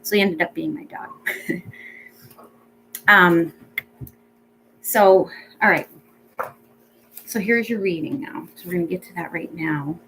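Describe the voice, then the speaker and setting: A woman speaking as a pet psychic medium in a casual reading, chatty and rambling with many ums, gentle and reassuring. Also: lowish voice, slow pace, long pauses, slight background noise, rough recording.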